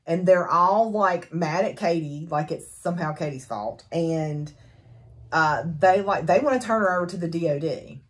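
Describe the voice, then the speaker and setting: A woman chatting casually as she recaps a novel for her book review, animated and full of fillers and laughs. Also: lowish voice, moderate pace.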